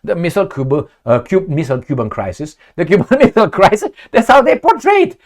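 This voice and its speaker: A man rants through a solo political commentary. His pitch swoops up and down as he mocks and scoffs, sitting a touch higher than most men. He talks casually and swears freely. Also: quick pace, hardly any pauses. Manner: animated, sarcastic, profane, mocking put-on quotes. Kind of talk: opinionated solo monologue.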